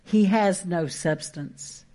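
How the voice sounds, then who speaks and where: A woman pastor, preaching a sermon in a folksy, emphatic way with quick asides and rising exhortations. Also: fairly low pitch, mellow.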